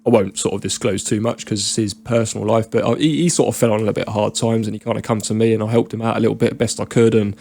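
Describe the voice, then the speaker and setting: Sweary British bloke spinning a yarn. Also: male voice, fairly low pitch, fairly even intonation, rapid-fire, creaky, hardly any pauses, dark tone. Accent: British English. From Britain. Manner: rambling, sweary and laddish, heavy with slang. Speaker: podcast guest. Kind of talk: casual storytelling chat.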